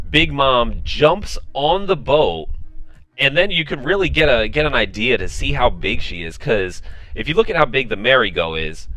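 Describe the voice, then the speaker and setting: Guy rambling through a manga recap, lots of "you know", clear smooth voice. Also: medium pitch, dry recording, poor audio. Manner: excited, many fillers and restarts. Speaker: manga reviewer. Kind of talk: casual chapter recap.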